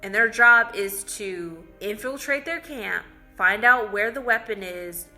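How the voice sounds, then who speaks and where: A woman's voice: medium pitch, measured pace, bright, forceful tone, soft background music. A woman casually retelling a film's plot as a movie reviewer, chatty and full of "like"s. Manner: chatty storytelling with many "like"s. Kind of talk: casual spoken film recap.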